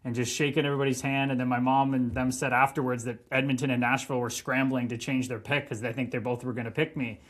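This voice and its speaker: A man in his thirties, a hockey player telling stories on a podcast, animated, swearing and laughing as he goes. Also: mid-range voice, fast, hardly any pauses. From Canada. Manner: animated, profane, laughing storyteller. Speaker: guest, pro hockey player. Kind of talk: casual podcast storytelling.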